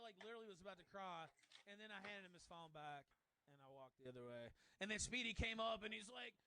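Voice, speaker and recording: Man streamer, high-pitched, sharp and bright, cursing and combative rant. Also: animated, quick pace. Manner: aggressive, swearing, mocks others in shouted high voices. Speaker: streamer in a played clip. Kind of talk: profane angry rant.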